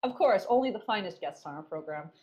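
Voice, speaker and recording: Lively, foul-mouthed woman podcast host. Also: mid-range voice, quick pace, muffled recording. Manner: crude, swearing, self-mocking. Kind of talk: casual podcast chat.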